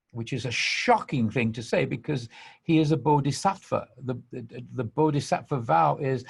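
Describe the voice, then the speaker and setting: An English man hosting a podcast, telling a spiritual story earnestly and emphatically. He swings from hushed to animated. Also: mid-range voice, normal speed, creaky, slightly rough. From England. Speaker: podcast host.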